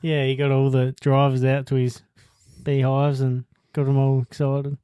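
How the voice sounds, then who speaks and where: A man co-hosting a podcast in casual chat, relaxed and a little hesitant, laughing easily. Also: mid-range voice, normal speed, smooth, dry recording, studio quality. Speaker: podcast co-host.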